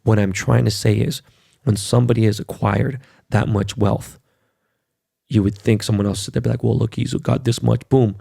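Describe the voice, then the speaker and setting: A man's voice: on the low side, fairly even intonation, moderate pace, gravelly, warm tone, husky, dry recording, studio quality. A middle-aged man hosting a podcast, ranting in a casual, profane and emphatic way. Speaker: podcast host. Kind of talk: casual monologue.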